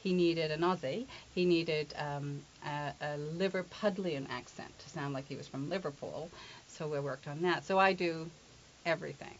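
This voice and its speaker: Playful woman accent coach, low voice. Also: moderate pace, slight background noise. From England. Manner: playful, demonstrative, teasing. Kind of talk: interview, explaining with spoken examples. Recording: dull lo-fi recording.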